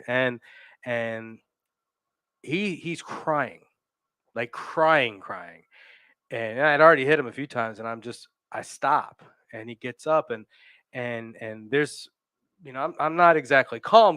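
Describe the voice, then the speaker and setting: Guy host talking recovery, stops and starts a lot, repeats himself, mid pitch, dry close sound. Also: a bit bright, dry recording. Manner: halting, repeats words, lots of fillers. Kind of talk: candid recovery talk.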